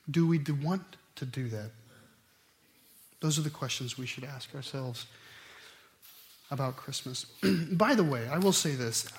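With a voice on the high side, this middle-aged pastor preaches animatedly, alternating loud, emphatic passages with hushed asides.

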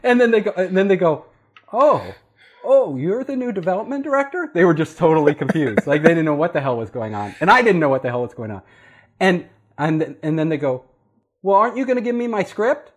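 Animated, laughing man telling a story. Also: on the high side, brisk, husky. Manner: animated, laughing, acting out quoted voices. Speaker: storyteller guest. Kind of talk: casual anecdote.

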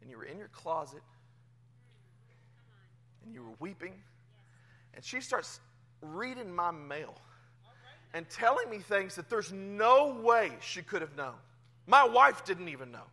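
A male pastor, around his thirties, preaching a sermon in church, telling a personal story with swings from hushed to loud. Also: high voice, big pitch swings, measured pace, pauses often. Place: church sanctuary.

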